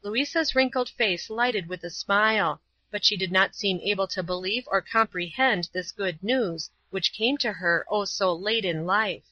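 A woman narrating a storybook in a steady, clear reading voice. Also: medium pitch, measured pace, hardly any pauses, no room sound. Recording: dull, dry lo-fi recording.

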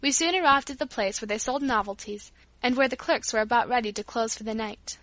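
A woman reads a storybook aloud as audiobook narration, clear and expressive. Her voice is bright and fairly high, and the recording is close and dry. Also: a little fast, no room sound.

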